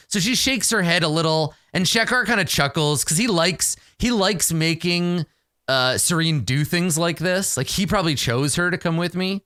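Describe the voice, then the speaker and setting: A man's voice: a little high, animated, normal speed, sharp tone, dry recording, clean studio sound. A man casually narrating a solo tabletop game in a self-mocking way.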